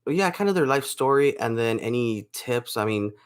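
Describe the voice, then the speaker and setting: A man's voice: mid-range voice, animated, normal speed, clear, resonant tone. A young man chatting casually to camera in a home vlog, rambling with restarts while feeling unwell with a sore throat. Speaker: vlogger.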